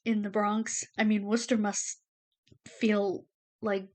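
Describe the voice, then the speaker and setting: Slowly and flatly, in a mid-range voice that's a little mellow, a female vlogger gives her camera a casual personal update. She rambles, uses plenty of fillers like "um" and "you know," and grows emotional, near tears at times.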